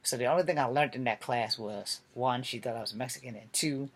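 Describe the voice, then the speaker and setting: A man's voice: mid-range voice, fairly quick. A man telling a personal story to the camera in a candid, rambling way, swearing freely as he goes. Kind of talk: casual storytelling monologue.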